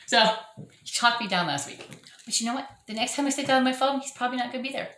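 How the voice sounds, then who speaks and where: A woman's voice: on the high side, fast, fairly bright tone. A middle-aged woman hosting her own channel, chatting casually and rambling with self-mocking laughs, recorded at home. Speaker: orchid channel host. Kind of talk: casual chat to camera. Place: home room. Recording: echoey room.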